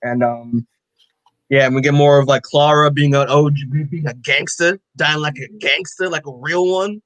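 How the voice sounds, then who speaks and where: Here a podcast co-host casually recaps a comic, rambling, profane, and heavy with fillers. His voice is on the high side and a bit bright, with fairly even intonation at a normal speed. There's no room sound, and the recording is low quality.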